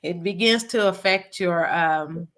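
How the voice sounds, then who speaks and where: A woman's voice: fairly low pitch, a bit bright. A middle-aged woman co-hosting a podcast in casual chat, often chiming in with agreement. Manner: frequent agreeing backchannels, drawn-out phrasing. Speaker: podcast co-host.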